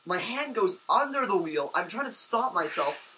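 A young man co-hosting a podcast, telling a story in casual chat with excitable rambling and many restarts. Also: sits high, normal speed, recorded from a distance, a little hiss or hum, low-quality recording. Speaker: podcast co-host.

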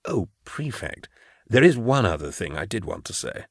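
Sly undercover agent, played by a man, quiet low voice, smooth, dry audiobook sound. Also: big pitch swings, normal speed, no room sound, full character voice. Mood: menacing.

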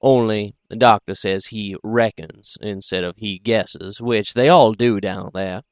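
A man hosting a podcast and reading a book aloud, in a dry, self-deprecating way with casual pauses. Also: lowish voice, fairly even intonation, dry recording. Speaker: podcast host and audiobook reader. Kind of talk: casual audiobook narration.

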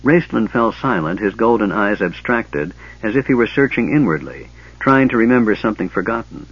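A man narrating an audiobook in a measured, steady storytelling voice. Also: on the low side, husky. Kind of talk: scripted narration. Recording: dull lo-fi cassette audiobook.

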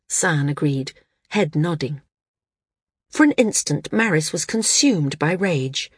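A woman narrating a fantasy audiobook in a steady, measured way. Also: deep voice, breathy edge, no room sound, clean studio sound.

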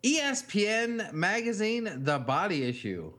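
Male co-host, mid pitch, lively sarcastic rants. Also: unhurried. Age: adult with a young child. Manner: sardonic, crude ranting. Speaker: podcast co-host. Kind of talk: crude casual chat.

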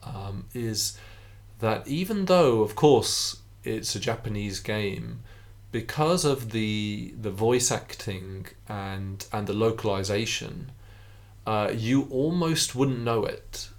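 Halting man in casual podcast chat. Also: lowish voice, expressive. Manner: halting, many restarts and fillers. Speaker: podcast co-host. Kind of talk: casual chat about a game.

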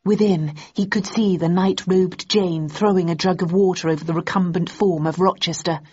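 A woman reading a novel aloud as audiobook narrator, in steady, measured narration. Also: lowish voice, breathy edge. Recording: slightly dull lo-fi audio.

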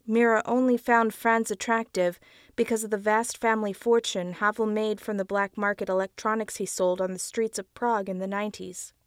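A woman narrating a dark audiobook story in a measured storytelling voice. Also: mid-range voice, steady tone, dry recording, clean studio sound. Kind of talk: scripted narration.

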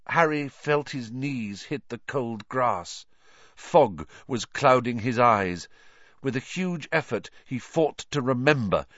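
Male audiobook narrator, slow and lively, dramatic, dry and dull recording. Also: mid-range voice, dry recording. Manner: dramatic, tense storytelling. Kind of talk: scripted narration.

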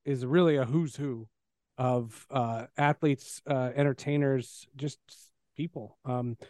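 A man's voice: medium pitch, fairly even intonation, slow, a little mellow, no echo, studio quality. A man hosting a podcast who asks questions in a chatty, hesitant way with many fillers. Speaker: podcast host. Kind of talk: casual interview.

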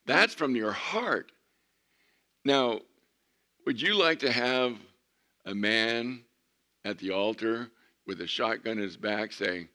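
A man preaching a sermon as pastor, animated, moving between loud emphatic lines and hushed ones. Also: lowish voice, takes it slowly.

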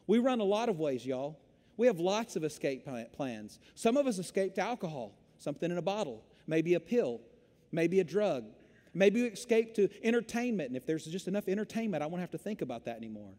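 A man preaching a sermon as pastor, telling stories in an animated way. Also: high voice. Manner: animated storytelling preacher, Southern "y'all". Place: church sanctuary. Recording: long hall reverb.

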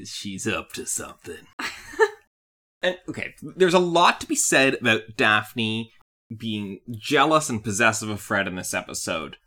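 Animated, laughing woman podcast co-host. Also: very deep voice. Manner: animated, laughs often, puts on silly voices. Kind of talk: casual chat about a cartoon.

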